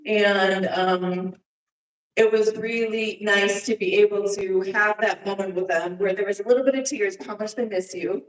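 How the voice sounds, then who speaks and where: A woman presents slides at a church service, her mid-pitched voice heard from some distance. She speaks informally and haltingly, with frequent fillers, and the big room around her gives the sound a reverberant echo. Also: steady tone. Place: church sanctuary.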